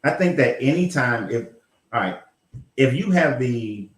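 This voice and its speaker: A man's voice: mid-range voice, animated, a little slow, echoey room. A man hosting a casual livestream chat, blunt and rambling, with profanity and laughs. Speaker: host.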